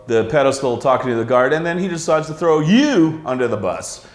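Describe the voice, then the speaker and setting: Profane rambling host in an echoey pub. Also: male voice, medium pitch, sing-song, fairly quick. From Canada. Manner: rambling, profane, lots of uh fillers. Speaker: talk show host. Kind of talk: casual bar talk show monologue.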